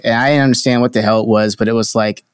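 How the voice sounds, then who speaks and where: Young male podcast co-host, loose rambling storyteller, cusses freely, average pitch, dry close recording. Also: fairly even intonation, fast, smooth, no echo. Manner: rambling, swears a lot, acts out what people said. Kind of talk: casual chat, telling a travel story.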